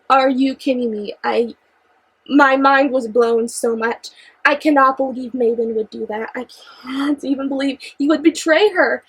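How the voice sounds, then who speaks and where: A woman's voice: high voice, fairly bright tone, poor audio. A young woman reviewing a book in casual chat, gushing and exclamatory, who repeats herself when worked up. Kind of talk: excited casual book discussion.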